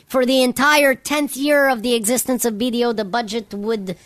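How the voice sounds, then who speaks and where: A woman's voice: a little high, steady tone, moderate pace, a bit bright. A woman hosting radio news who rants in a rambling, heavily profane way and keeps saying "you know". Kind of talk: profane off-the-cuff radio rant.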